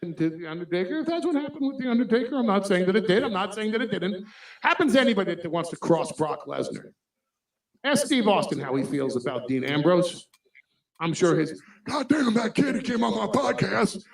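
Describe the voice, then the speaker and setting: A man with a high voice hosts a wrestling chat and tells stories with emphatic, conspiratorial flair. He sits far from the mic. The room around him is echoey. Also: big pitch swings, fairly quick. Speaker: wrestling podcast host. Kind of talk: casual chat.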